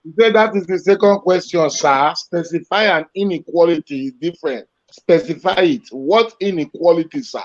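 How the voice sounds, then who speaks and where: A man's voice: a little high, moderate pace, few pauses. A demanding man on a dull line. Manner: demanding, formal "sir". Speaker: questioner.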